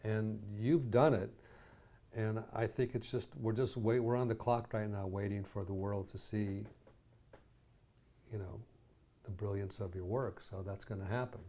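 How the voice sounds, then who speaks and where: A man's voice: fairly low pitch, steady tone, a little slow, dark tone, slight background noise. A psychologist in his sixties co-hosting a podcast, chatting casually and rambling through long analogies. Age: 60s. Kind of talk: casual conversational chat.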